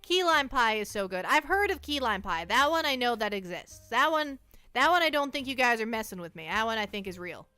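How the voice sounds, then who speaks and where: A woman's voice: a little high, expressive, fairly quick, bright, forceful tone, clean tone, dry recording, faint music behind. A young woman streaming, casually chatting with her viewers in a self-mocking, talkative way. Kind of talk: casual livestream chat.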